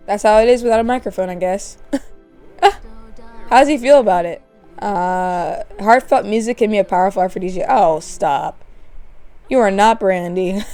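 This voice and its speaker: A young woman with a medium-pitched, dark-toned voice hosts a gaming channel, chatting through a let's play with frequent giggles and asides. Faint music plays in the background.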